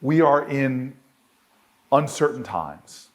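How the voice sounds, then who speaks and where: A man giving a storytelling speech at an archive celebration. He builds to loud peaks and then drops to a quiet, solemn close. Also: medium pitch, takes it slowly, pauses often. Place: event hall with an audience.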